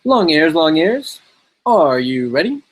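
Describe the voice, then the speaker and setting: A man's voice: on the high side, sing-song, moderate pace, slightly rough. A man reading a fairy tale aloud, voicing a polite, fussy male deer who referees a wrestling match. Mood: formal, encouraging.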